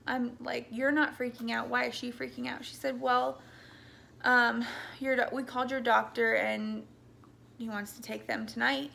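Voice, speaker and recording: A woman's voice: on the high side, little pitch movement, moderate pace, creaky, sharp tone, a little hiss or hum. A young woman telling her birth story in a casual, rambling way, with many ums and likes, at times tearful. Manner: rambling, full of ums and likes, backtracks often. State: tearful, voice breaking.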